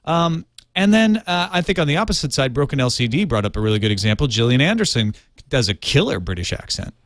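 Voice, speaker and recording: A man's voice: mid-range voice, sing-song, fast, no echo, studio quality. An American man co-hosting a podcast, chatting casually with frequent ums and uhs and a joking streak. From United States. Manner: hesitant, lots of ums and uhs, jokey. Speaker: podcast co-host. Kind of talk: casual chat.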